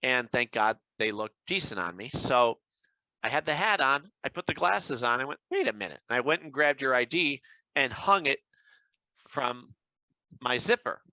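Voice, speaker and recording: A man's voice: mid-range voice, normal speed, no echo, low-quality recording. A man co-hosting a podcast, telling casual stories and acting out what people said. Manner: animated anecdote-telling with acted-out quotes. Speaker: podcast co-host. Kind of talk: casual chat, storytelling.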